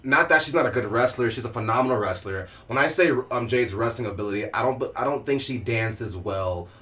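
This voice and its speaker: A man's voice: mid-range voice, a little fast, sharp tone. Chatty man podcast co-host. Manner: chatty, hesitant, many fillers. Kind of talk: casual chat.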